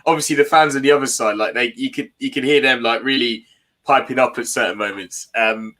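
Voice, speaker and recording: A man talking as a guest fan in a casual football chat, excitable and enthusiastic, laughing often. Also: mid-range voice, brisk.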